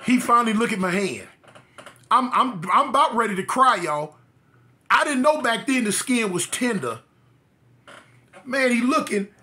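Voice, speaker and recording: A man's voice: very high-pitched, normal speed, pauses often. A man from Los Angeles telling a funny story about himself, acting out the voices with exaggerated energy. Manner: animated, acts out voices, exaggerated. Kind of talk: comic storytelling.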